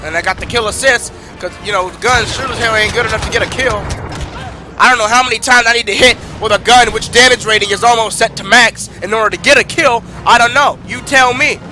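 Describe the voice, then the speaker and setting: A male gaming streamer commenting on his gameplay, ranting in frustration and swinging from low muttering to loud shouting. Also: fast, noisy background. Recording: game music loud behind voice.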